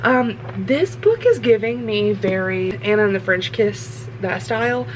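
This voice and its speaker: A young woman talking casually about a book she's reading, rambling and excitable, swearing now and then. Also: mid-range voice, unhurried, a little hiss or hum, low-quality recording. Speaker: book vlogger. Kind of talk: casual chat. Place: car, for the ending.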